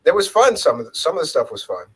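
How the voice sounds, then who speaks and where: A man's voice: on the high side, sing-song, fast talker, fairly bright tone, slightly rough, low-quality recording. A man chatting casually and bluntly, swearing and quoting people in his stories. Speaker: co-host, former rideshare driver. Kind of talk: casual storytelling chat.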